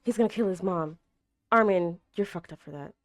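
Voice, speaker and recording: A young woman hosting an anime reaction, chatting casually with a tired, slightly raspy throat and bursting into gasps and exclamations. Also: on the low side, brisk. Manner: animated, gasps and exclaims loudly, chatty with fillers.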